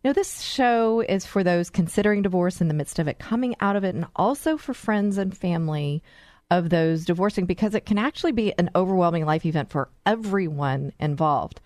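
An earnest, encouraging woman hosts a radio talk show, with a low voice. The sound is dry and close, with no room echo. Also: lively intonation, a little fast, a little mellow.

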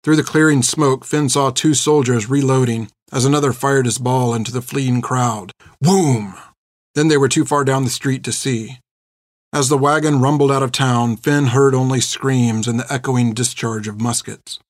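A man reading a story aloud in a steady, measured narrating voice. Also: medium pitch, no echo, studio quality. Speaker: audiobook narrator. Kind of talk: scripted narration.

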